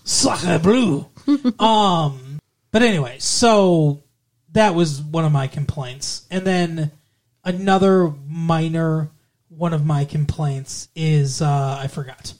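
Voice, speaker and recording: A man's voice: fairly high pitch, slow pace, darkish tone. A man co-hosting a podcast, chatting casually and rambling about a movie, with casual swearing. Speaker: podcast co-host. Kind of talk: casual movie review chat.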